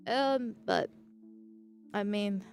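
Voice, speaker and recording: A woman's voice: mid-range voice, drawn-out words, gravelly, a little mellow, faint music behind. A woman streamer chatting casually, rambling through tangents and laughing often while thanking viewers. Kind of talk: casual live-stream chat.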